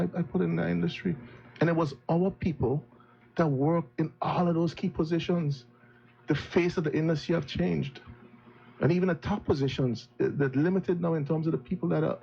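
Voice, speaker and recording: Gravelly-voiced politician with dull sound. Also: male voice, fairly high pitch, a little mellow. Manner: earnest, critical, with repeated restarts. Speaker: opposition politician. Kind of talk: political speech at a live event.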